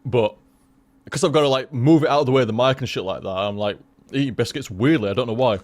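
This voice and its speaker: A man's voice: medium pitch, fast talker, a little mellow. A young man chatting casually to his stream viewers, rambling and swearing with lots of restarts.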